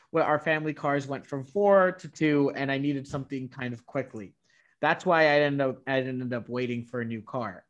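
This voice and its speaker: A man chatting casually, telling a long story with many restarts and quoting salespeople in a flat voice. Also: mid-range voice. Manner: rambling, many restarts, quotes dealers in a flat voice. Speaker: guest telling a car story. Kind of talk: casual chat.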